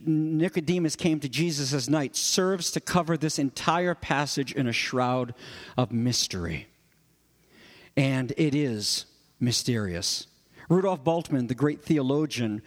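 A man preaching an expository sermon, his voice rising for emphasis and dropping low for quiet asides. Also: long reverb tail. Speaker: pastor.

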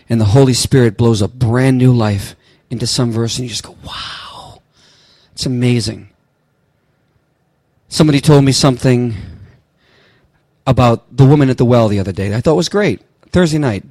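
Impassioned storytelling preacher, dry sound. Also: male voice, mid-range voice, no echo. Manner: storytelling preacher, swings from quiet to impassioned near-shouting. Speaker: pastor. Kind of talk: sermon.

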